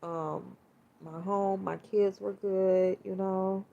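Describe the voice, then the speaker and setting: A woman's voice: mid-range voice, fairly even intonation, takes it slowly, gravelly, mellow. A woman, hosting a podcast and talking candidly and emotionally, with plenty of swearing and fillers. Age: 40s. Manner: frank, profane, emotional, many fillers. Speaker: podcast host. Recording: slightly dull lo-fi sound.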